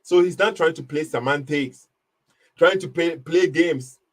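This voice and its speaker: A man hosts a live online debate, pressing his points hard and mocking the other side. His voice sits a little higher than most men's. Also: measured pace. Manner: mocking, emphatic, laughs at the caller. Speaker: live stream host. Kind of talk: casual live debate commentary.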